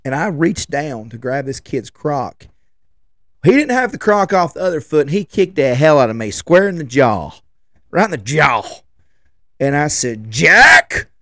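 A podcast host in his 40s tells casual, rambling stories, chatting away, restarting sentences and trailing off. His voice is fairly high and very animated, at a normal speed, with studio-quality sound and no echo.

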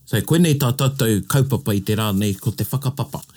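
A man from New Zealand with a New Zealand accent, co-hosting a casual bilingual chat in a playful, animated way. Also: fairly low pitch, fast talker. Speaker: co-host.

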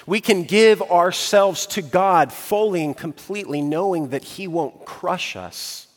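A man preaching a sermon earnestly, building emphasis and slowing on key phrases. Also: on the high side, in a large hall. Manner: earnest preaching with rising emphasis and slow pauses. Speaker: pastor.

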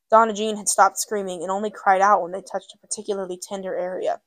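A woman narrating a novel in a measured, steady way, in audiobook style. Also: medium pitch, dry recording.

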